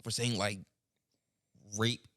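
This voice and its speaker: A young man in casual podcast chat, talking bluntly and heatedly with plenty of swearing. His voice sits fairly low, with a bright, forceful edge to it. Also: little pitch movement, takes it slowly. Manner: blunt, profane, heated ranting. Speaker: podcast co-host.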